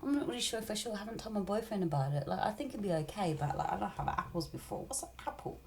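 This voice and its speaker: A woman voicing a bored, ditzy young woman who is easily tempted, in an airy, squeaky voice. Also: lively intonation, rapid-fire, vocal fry, a little hiss or hum.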